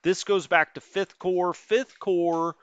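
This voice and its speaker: A man's voice: high-pitched, fairly even intonation, slow, a bit bright, clear, resonant tone, dry recording, dull audio. A man streaming a strategy wargame, muttering through unit numbers and chatting with his live chat. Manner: thinks aloud, muttering over unit numbers.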